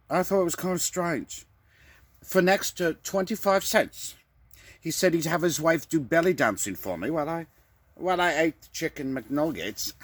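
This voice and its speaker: A man putting on the voice of a flamboyant older male TV personality, with theatrical, drawn-out exclamations. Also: high voice, a bit bright, no echo, voice pushed up, exaggerated voice.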